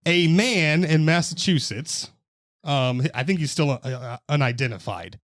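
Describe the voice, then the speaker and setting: A man's voice: on the high side, lively intonation, measured pace, fairly bright tone, no room sound, clean studio sound. Swearing joking male podcast co-host. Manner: loose, joking, swears freely, explains medical detail. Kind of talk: casual profane chat.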